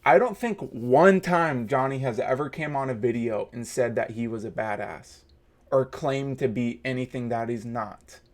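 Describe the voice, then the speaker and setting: A man's voice: medium pitch, normal speed. A man in his thirties hosting a reaction video, ranting in a heated, mocking way. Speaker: host. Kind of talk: reaction commentary.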